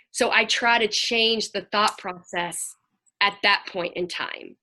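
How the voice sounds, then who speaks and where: A middle-aged woman with a medium-pitched voice speaks slowly, addressing a group of parents as a Christian counselor. Her manner is earnest and chatty, and she grows animated whenever she quotes children.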